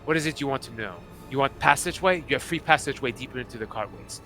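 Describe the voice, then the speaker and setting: A man's voice: mid-range voice, lively intonation, fast talker, bright, forceful tone, faint music behind. A man voicing a finely dressed male goblin lord with a pirate look, who is sly and scheming and keeps repeating his words. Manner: wheedling, repeats words, brusque insults.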